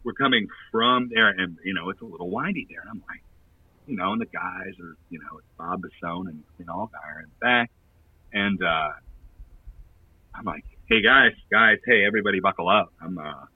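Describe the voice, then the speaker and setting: A man's voice: low voice, expressive, moderate pace, breathy edge, no echo, distant mic, narrow, tinny audio. A man who plays in a touring band telling a long, rambling anecdote in casual chat, laughing often and using lots of fillers.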